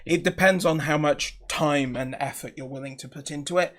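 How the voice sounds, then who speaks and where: A man's voice: a little high, normal speed, a bit bright. A man co-hosting a tech repair stream, explaining technical fixes with dry joking asides. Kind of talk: casual chat.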